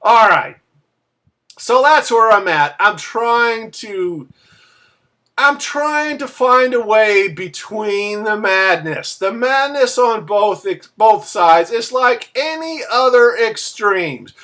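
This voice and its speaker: Slow, bright-voiced woman ranting emphatically. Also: on the high side, animated. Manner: emphatic, searching, bursts into raised voice. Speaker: vlogger and MLM member. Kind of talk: impassioned rant to camera.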